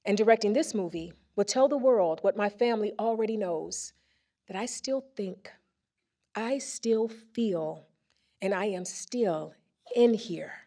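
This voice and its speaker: Woman, speech read aloud on stage, expressive, comic timing, stage mic. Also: medium pitch, a little slow. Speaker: presenter reading a personal story. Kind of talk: reading a first-person speech aloud on stage. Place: theater stage before a live audience.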